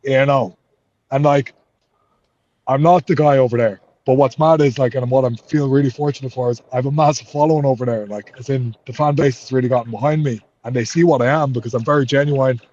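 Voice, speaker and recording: A man's voice: medium pitch, steady tone, fast talker, a little mellow, dull audio. A man with an Irish accent, a fighter in an interview, talking heatedly and swearing a lot. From Ireland. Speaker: MMA fighter.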